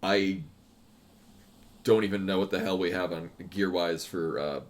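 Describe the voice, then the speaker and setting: A man's voice: deep voice, steady tone, a little slow. A man casually commenting while he streams a game, rambling and breaking off mid-thought. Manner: rambling, chatty, self-interrupting.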